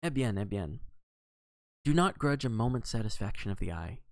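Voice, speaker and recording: A man reading aloud, voicing a fussy, precise elderly male detective who talks in a brisk, exacting way with French phrases. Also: fairly low pitch, sing-song, slight background noise. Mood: admiring.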